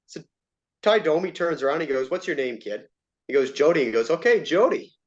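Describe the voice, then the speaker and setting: Animated storytelling man, dull lo-fi sound. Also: mid-range voice, brisk. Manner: animated, acts out quoted lines in raised voice. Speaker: interview guest, former player and coach. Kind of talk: casual storytelling.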